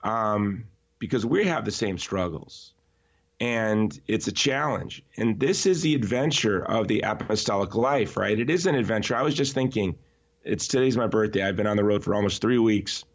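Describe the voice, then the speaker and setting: A man's voice: lowish voice, normal speed. Emphatic man, slightly muffled recording. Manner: emphatic, animated storyteller who often restarts sentences. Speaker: podcast guest. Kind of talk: conversational podcast interview. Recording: slightly dull, lo-fi audio.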